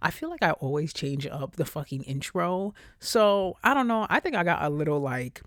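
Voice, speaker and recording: A woman's voice: deep voice, normal speed, no room sound, clean studio sound. A young woman hosting her own podcast, talking casually and cursing freely, her voice stuffy from a cold. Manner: profane, animated, lots of cursing. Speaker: podcast host. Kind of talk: casual solo podcast rant.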